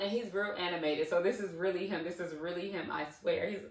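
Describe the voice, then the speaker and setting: A woman in her twenties telling a casual storytime on her channel, animated and digressive, with lots of fillers and asides. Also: on the low side, quick pace, few pauses. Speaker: vlogger. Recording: roomy, slightly distant mic.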